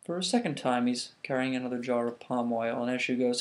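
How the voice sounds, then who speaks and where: A man casually telling a myth to the camera, animated, with frequent restarts. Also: mid-range voice, a little fast, few pauses. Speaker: vlogger. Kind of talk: casual storytelling.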